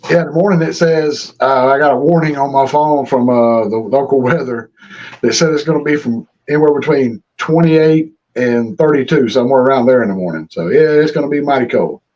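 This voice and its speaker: A man's voice: mid-range voice, a little fast, darkish tone. A man, hosting a casual chat from a small room at home, talking in a laid-back, drawling way. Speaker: host. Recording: slightly dull stream audio with faint hiss.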